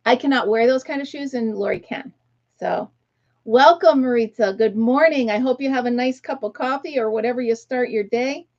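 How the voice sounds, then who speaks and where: A woman's voice: fairly high pitch, moderate pace, a little mellow, muffled recording. A middle-aged woman from the United States hosting a casual livestream chat, talking easily, laughing often and greeting viewers by name. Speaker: livestream host.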